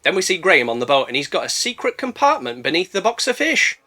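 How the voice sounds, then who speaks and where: A man's voice: on the high side, very animated, quick pace, hardly any pauses, pushed and bright. A man narrating a comedic movie review, sarcastic and full of swearing. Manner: sarcastic, profane, jokey. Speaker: film reviewer.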